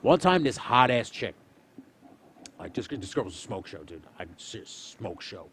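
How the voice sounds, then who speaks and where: A man's voice: fairly low pitch, sing-song, moderate pace, slight background noise. A man casually telling a rowdy story, swearing and acting out every line of dialogue.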